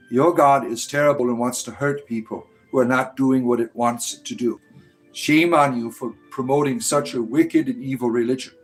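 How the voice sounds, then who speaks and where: A man hosting a livestream in casual chat, talking back to his viewers in a sarcastic, scornful way. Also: medium pitch. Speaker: livestream host answering chat.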